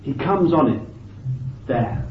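Guy preaching in a church hall, gets loud then goes quiet, lots of "you see", sounds far off and kind of muffled. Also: mid-range voice, expressive, takes it slowly, slight background noise. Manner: fervent, swings between loud emphasis and quiet asides; thinks aloud with restarts and "you see". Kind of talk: sermon. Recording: dull, lo-fi, echoey and off-mic.

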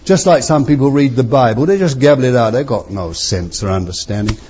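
A man preaching a sermon with fervour, his voice moving from near hushes to strong, drawn-out exclamations. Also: mid-range voice, expressive, breathy edge, highs cut off. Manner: fervent, swinging from soft to loud, drawn-out phrases.

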